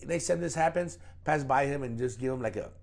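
A man of Mexican heritage hosting a podcast, talking in a profane, animated, advice-giving way in casual chat. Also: medium pitch, brisk, creaky.

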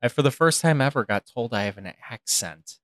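A man's voice: mid-range voice, lively intonation, fairly quick, fairly bright tone, dry recording. Wry young American man, podcast co-host. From United States. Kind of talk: casual chat.

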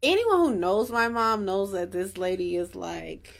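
A woman co-hosting a live stream in casual chat, relaxed and supportive. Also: medium pitch, a little slow, vocal fry. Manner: relaxed and supportive, lots of affirming. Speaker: livestream co-host.

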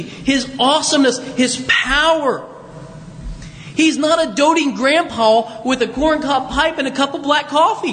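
High-voiced guy preaching, casual and self-mocking, echoey church with faint hiss. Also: fairly bright tone. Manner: conversational, self-deprecating, with many restarts. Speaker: pastor. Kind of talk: sermon. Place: church sanctuary. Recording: long church reverb, faint noise.

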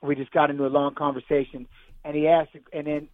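A man's voice: a little high, flat delivery, fairly quick, no echo. A man telling an emotional personal story as a radio guest, rambling and repeating himself over a phone call. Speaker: guest fighter. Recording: tinny phone line, dry.

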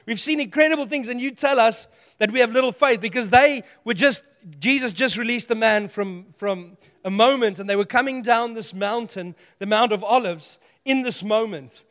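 A man preaching a sermon, animated and playful, telling stories with humor. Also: very high voice, moderate pace, few pauses, big-room sound.

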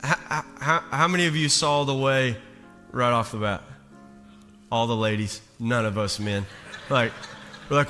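Slow, bright-voiced pastor in a hall. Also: male voice, mid-range voice. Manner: slow and emphatic, building to loud peaks. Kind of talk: sermon. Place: church sanctuary. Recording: long reverb of a large hall. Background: soft instrumental music.

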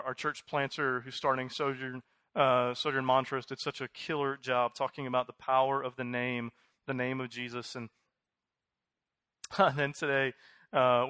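Male pastor, thirties, bright and punchy, slightly high, casual restart-heavy preaching, dry close mic. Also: no room sound. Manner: conversational, animated, many fillers and restarts. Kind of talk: sermon.

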